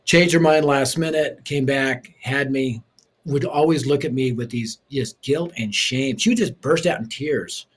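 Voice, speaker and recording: Punchy, lively storytelling man. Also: medium pitch, a little slow, slightly rough. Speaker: guest, preacher and author. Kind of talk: storytelling interview.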